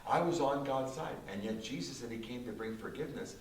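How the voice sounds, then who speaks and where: A man, a concert pianist, giving an emphatic church testimony with repetitive, dramatic slow phrasing, recorded in a small church. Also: medium pitch. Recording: roomy distant church recording with faint hiss.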